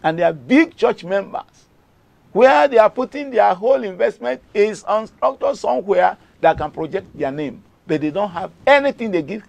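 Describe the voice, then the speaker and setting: A middle-aged Nigerian man preaching a devotional sermon with a high, gravelly voice. His pitch swings widely as he drives points home, repeating key phrases for emphasis. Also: animated, moderate pace, dry recording.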